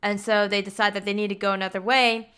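Smooth-voiced woman recapping a film. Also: medium pitch, little pitch movement, fast, a bit bright. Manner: chatty, heavy use of "like" fillers. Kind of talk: casual film plot recap.

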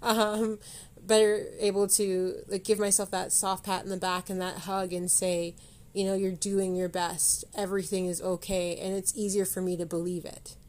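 A woman's voice: medium pitch, level tone, moderate pace, a little mellow. A woman hosting a motivational solo podcast. She rambles, corrects herself mid-sentence and speaks straight to the listener. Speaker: podcast host.

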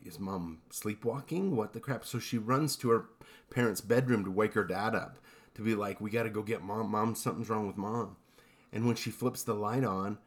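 A man with a fairly low voice tells creepy stories on a podcast, easygoing and a little rambling. He pauses with "um" and "you know" as he goes, keeping it conversational rather than dramatic. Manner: relaxed, rambling storyteller with frequent fillers. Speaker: podcast co-host. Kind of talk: casual storytelling chat.

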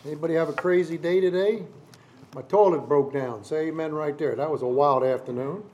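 A man's voice: on the high side, brisk, a little mellow, dull audio, slight background noise. A man preaching to a congregation, opening his sermon with folksy jokes and calls for amens. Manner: folksy and joking, calls for amens and addresses listeners as neighbor. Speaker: traveling preacher. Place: church service in front of a live congregation.

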